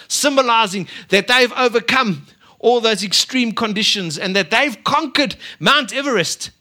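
A middle-aged male preacher, delivering a lively sermon that swings from loud emphasis to quiet asides. His voice sits high and sounds bright and forceful. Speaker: pastor.

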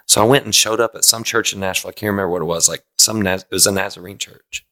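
A man in his fifties, a guest worship singer, telling stories in a rambling way with quick asides during a casual podcast chat. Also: sits low, fairly even intonation, sharp tone. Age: 50s. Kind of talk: casual conversation.

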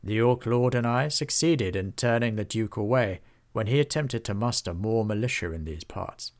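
A man voicing a calm, grave male swordsman hero in a storybook reading, measured and steady. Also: lowish voice.

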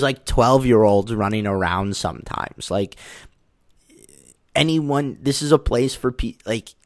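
A man with a fairly low voice tells a personal story in loose, casual talk. He rambles, says "like" all the time, and acts out what people said. The recording is dry and close, with no room sound. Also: no echo. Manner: rambling, heavy use of "like", acts out quotes.

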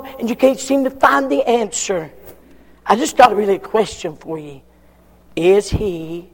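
A man preaching a sermon, emphatic, repeating his questions with long pauses. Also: high-pitched, vocal fry, darkish tone, in a large hall. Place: church.

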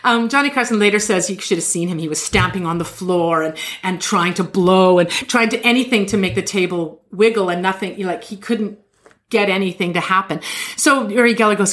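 A woman hosting a podcast, telling a story in casual chat and acting out quotes with jumps in pitch. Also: fairly quick. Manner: animated, acts out quotes with shifting pitch. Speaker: podcast host.

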